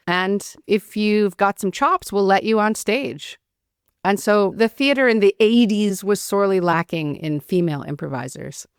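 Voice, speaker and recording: Prairie-raised woman in her fifties, podcast guest, dry wit, lowish voice, dry close recording. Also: dry recording. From Canadian prairies. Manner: wry, self-deprecating humor. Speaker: director-performer, podcast guest. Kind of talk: casual chat.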